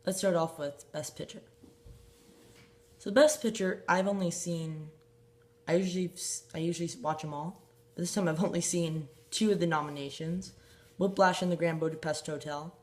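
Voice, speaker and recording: A man's voice: a little high, fairly even intonation, normal speed. A man hosting his own show, talking in a rambling way with fillers, restarts and small laughs. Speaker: host. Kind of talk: casual solo show commentary.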